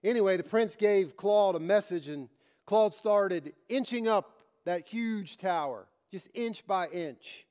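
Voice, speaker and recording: Man preaching with a high voice. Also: slow pace, a little mellow. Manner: emphatic, repetitive preaching cadence. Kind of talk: sermon with storytelling.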